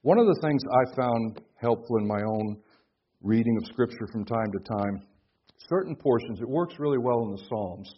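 Man preaching with hushed-to-booming swings. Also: lively intonation, normal speed, lo-fi sound, slight background noise. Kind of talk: sermon. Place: conference hall.

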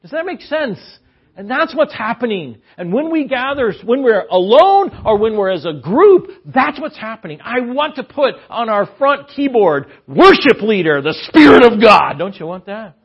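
A man's voice: very high voice, big pitch swings, moderate pace, husky. A man preaching a conversational sermon as guest preacher, chatty and given to joking asides. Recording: muffled lo-fi sermon recording.

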